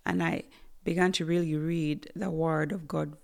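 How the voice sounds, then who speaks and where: A woman from Uganda giving an earnest personal testimony as a guest, emphatic and dropping to soft near-whispers at intense moments. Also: low-pitched, steady tone, normal speed, gravelly.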